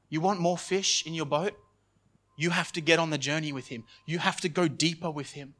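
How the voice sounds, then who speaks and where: A man preaches in a church with an earnest, pleading delivery. His voice sits a little higher than most men's. He repeats phrases and often lets them fall soft and low. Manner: earnest, repetitive preaching with restarts and sudden soft drops. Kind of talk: sermon.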